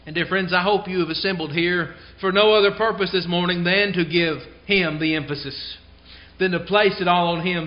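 A man preaching a sermon in a church service, earnest and emphatic, slowing down to stress key phrases. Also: on the high side. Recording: dull lo-fi sound.

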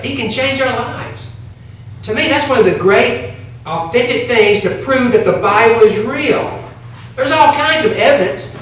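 Brief: male preacher, highish voice, pleading and repetitive, heard from a distance in a very echoey church. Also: slight background noise. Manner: pleading, repetitive, swings between hushed and emphatic. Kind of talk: evangelistic sermon. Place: church sanctuary.

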